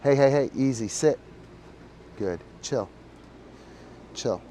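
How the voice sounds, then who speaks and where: A slow-talking laid-back dog trainer man. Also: mid-range voice, dark tone, a little hiss or hum. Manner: rambling, full of fillers, talks to his dog between explanations. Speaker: disc dog trainer hosting a live stream. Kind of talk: casual live-stream coaching.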